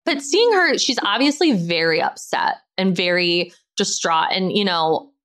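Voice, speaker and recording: A woman's voice: mid-range voice, a little slow. A young woman hosting a podcast, rambling in casual chat full of "like" and swearing. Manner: rambling, animated, swears a lot, says "like" constantly. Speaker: podcast host. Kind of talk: casual reality TV recap chat.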